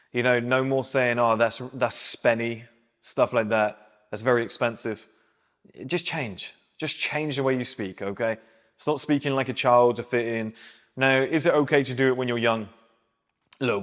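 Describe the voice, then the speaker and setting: A man in his thirties giving blunt, opinionated advice straight to his viewers as a men's self-improvement host. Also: medium pitch. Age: 30s. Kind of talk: advice monologue to camera. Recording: long echoing reverb.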